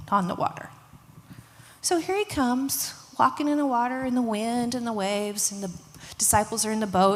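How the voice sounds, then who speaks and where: A woman teaching a children's church lesson, telling a Bible story with lively voices and hushed moments. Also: fairly high pitch. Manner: animated storytelling, acting out voices, hushed emphasis. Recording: long hall reverb.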